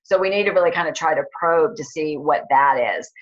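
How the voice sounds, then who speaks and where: A woman's voice: sits low, brisk. Rambling woman coach on a lo-fi call. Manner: rambling, many fillers and restarts. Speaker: health coach leading a training call. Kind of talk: casual teaching talk.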